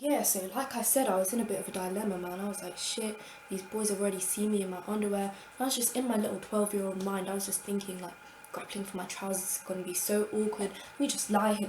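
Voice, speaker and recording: Swearing, animated woman vlogger. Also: mid-range voice, roomy sound, a little hiss or hum. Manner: animated, swears freely, acts out her own past thoughts. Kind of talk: casual storytime monologue.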